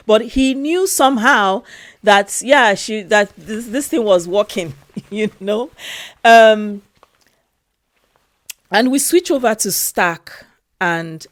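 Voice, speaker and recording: Slow, emotional woman reviewing a film. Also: mid-range voice, no room sound. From Europe. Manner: slow, emotional, repeats phrases. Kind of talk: casual film review vlog.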